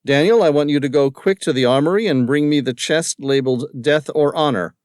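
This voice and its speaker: A man's voice: a little high, a little fast, a little mellow, clear, resonant tone, dry recording, studio quality, pitched above the performer's own voice, lightly acted. A man doing a curt commanding nobleman. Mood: urgent.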